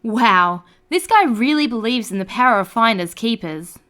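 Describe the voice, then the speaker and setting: A woman reads online stories aloud with a high voice. Her pitch swings widely, giving every line a lively, animated storytelling lilt. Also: moderate pace. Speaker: narrator.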